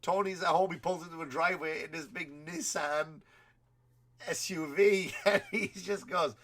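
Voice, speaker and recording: A man's voice: a little high, fairly even intonation, normal speed, background noise. A man hosting a comedy podcast, ranting in a rambling, profane way and laughing at his own stories while he has a cold. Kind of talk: comedic rant.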